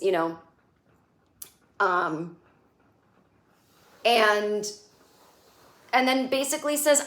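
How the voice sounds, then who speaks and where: A woman hosting a casual solo recap, chatty and sarcastic, acting out quick bits of dialogue as she goes. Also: fairly high pitch, big pitch swings, fairly bright tone, reverberant. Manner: chatty, sarcastic, acts out characters' lines in quick impressions. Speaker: podcast host recapping a TV episode.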